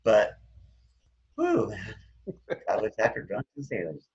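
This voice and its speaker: Husky, animated man telling his story. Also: unhurried. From Hawaii. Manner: animated, jumps up and down in pitch, trails off with "anyways". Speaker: guest. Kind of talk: casual storytelling. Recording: dull lo-fi sound.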